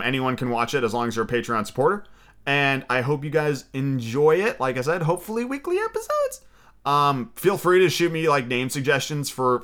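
A man's voice: mid-range voice, pushed and bright, clean tone. A man hosting his own podcast, chatting casually and rambling, with plenty of fillers and restarts. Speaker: podcast host and reader. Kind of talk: casual chat and audiobook reading.

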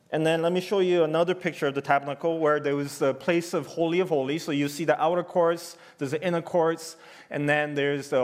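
Man, fairly high voice, sermon, casual asides to the congregation, long church reverb. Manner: conversational, asks the room "right?" often. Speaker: pastor. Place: church sanctuary.

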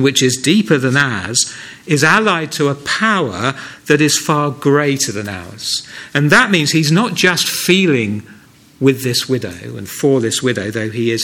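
A man's voice: medium pitch, fairly bright tone. A man preaching a sermon in a church, earnest and conversational, often asking the listeners rhetorical questions.

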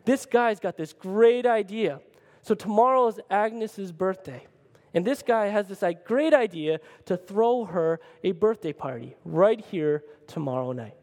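A man voicing a brusque, impatient diner cook who talks gruffly and bluntly. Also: sits high, animated, a little slow, a little mellow, big-room sound. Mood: excited.

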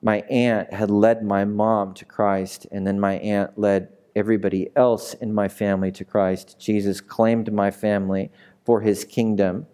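A man's voice: lowish voice, level tone, measured pace, mellow, smooth. A male pastor preaching a passionate sermon, repeating phrases and asking his listeners direct questions. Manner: passionate, repetitive, asks the audience direct questions.

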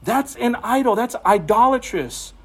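A man's voice: very high voice, measured pace, slightly rough. A man preaching an informal sermon in a conversational way, getting emphatic at times. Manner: conversational, emphatic, rising to animated exhortation.

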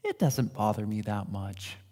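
A man's voice: lowish voice, animated, measured pace, dark tone. A man giving a sermon in a conversational, self-deprecating way, acting out what people say. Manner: conversational, self-deprecating preaching with acted-out quotes. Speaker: pastor.

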